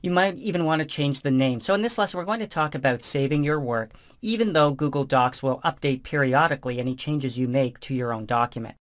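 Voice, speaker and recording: A man walks through a software screencast, talking the listener through each click in a relaxed, conversational tone. His voice sits at an ordinary middle pitch for a man. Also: a little fast, few pauses. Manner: relaxed, conversational step-by-step explaining. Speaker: software instructor. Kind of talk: screencast tutorial narration.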